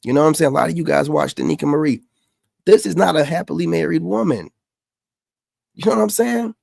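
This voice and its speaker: A man's voice: fairly high pitch, brisk, creaky, darkish tone, no echo, studio quality. A man hosting a reaction commentary, mocking and dismissive as he talks back at clips.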